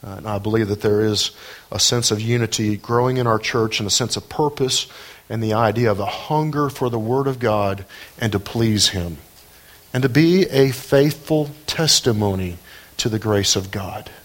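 A man preaching a sermon as pastor of his church, earnest and measured. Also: on the low side.

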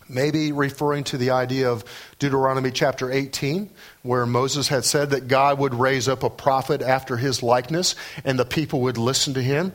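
A man's voice: mid-range voice, fairly even intonation, moderate pace, fairly bright tone. A man preaching a sermon, emphatic and repetitive, building to fervent peaks.

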